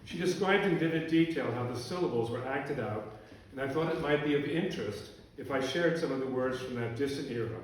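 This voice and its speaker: Deadpan man, echoey and distant. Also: mid-range voice, brisk, a little hiss or hum. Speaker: storyteller. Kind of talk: humorous reading to a live audience.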